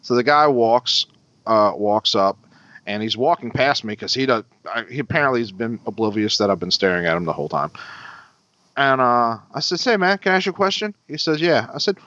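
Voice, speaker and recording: A man co-hosting a podcast, telling a story in a casual, animated, profane way. His voice jumps high when he quotes himself. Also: moderate pace, no room sound, dull audio. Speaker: podcast co-host.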